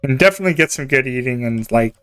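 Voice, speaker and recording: A man's voice: medium pitch, expressive, very fast, a bit bright, clear, resonant tone, faint music behind. A young man from Canada chatting casually and rambling while he streams a game, laughing often. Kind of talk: casual chat while gaming.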